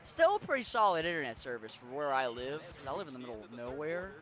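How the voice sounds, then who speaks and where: Chatty western Maryland streamer man, bright. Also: fairly high pitch, sing-song, fast talker. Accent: western Maryland, Pittsburgh-Appalachian mix. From western Maryland, USA. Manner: rambling, chatty, swears casually. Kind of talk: casual chat while gaming.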